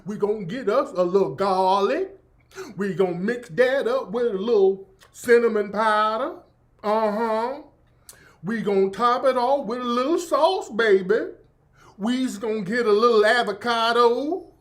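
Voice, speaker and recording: A man's voice: sits high, a little slow, voice pushed up. A man doing an exaggerated impression of a sweet Southern woman cooking-show host, with a mock Southern US accent, sing-song and coaxing. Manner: sing-song, coaxing, calls everyone baby.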